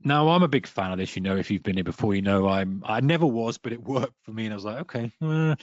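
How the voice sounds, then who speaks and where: A man coaching traders in an online lesson, lively and direct, now and then slipping into the voice of an annoyed trader. The sound is dry and close, with a slightly dull, muffled tone from the webinar audio. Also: lowish voice, fast talker, dry recording. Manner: energetic, talks to listener directly, acts out a trader's inner voice. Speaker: trading coach.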